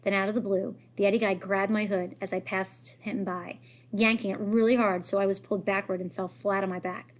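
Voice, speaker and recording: A woman reads a children's novel aloud in a lively way. She lifts her voice when the characters speak. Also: mid-range voice, brisk. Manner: lively, raises voice for characters' lines. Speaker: reader.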